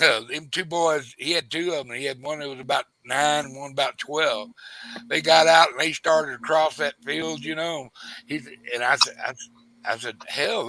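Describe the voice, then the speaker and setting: A man's voice: medium pitch, bright, forceful tone, low-quality recording. Rambling man telling a hunting story. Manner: rambling storyteller with frequent restarts, acts out quoted voices. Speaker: host. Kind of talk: casual hunting story chat.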